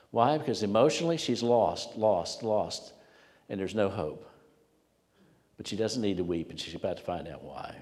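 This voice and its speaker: A man's voice: on the low side, lively intonation, moderate pace, a little mellow. A man preaching a sermon to a congregation, in an emphatic storytelling way that repeats words for weight. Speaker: pastor. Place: church sanctuary with congregation. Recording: long church hall reverb.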